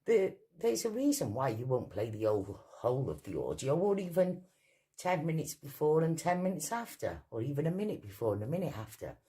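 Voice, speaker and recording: Her voice sits low with a dark tone and big pitch swings as this woman from Wales rants briskly in her vlog. She's combative, profane and mocking, speaking with a Welsh accent.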